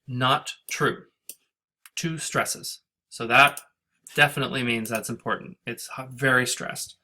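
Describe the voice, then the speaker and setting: A man's voice: medium pitch, fairly even intonation, normal speed, bright, forceful tone, slight background noise. A man teaching a recorded lesson on scanning a poem, thinking aloud with restarts and reading lines of verse in a sing-song rhythm. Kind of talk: recorded lecture on poetry scansion.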